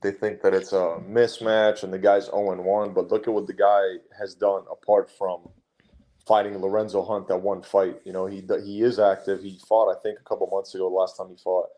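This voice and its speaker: Blunt, profane fighter, low voice. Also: male voice, flat delivery, brisk, mellow. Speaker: guest fighter. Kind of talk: casual interview chat.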